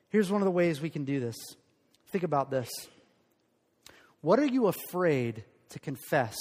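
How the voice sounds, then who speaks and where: Man, pastor, sermon, high-pitched, emphatic, call-and-response, long hall reverb. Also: a little mellow. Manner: leads the congregation in call-and-response declarations; earnest, emphatic preaching with repeated phrases. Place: church sanctuary.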